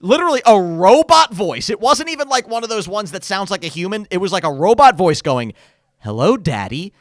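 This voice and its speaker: A young man co-hosting a podcast, telling stories in a casual, animated chat. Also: sits high, brisk, dry recording, studio quality. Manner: animated storytelling, frequent "like". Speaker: podcast co-host.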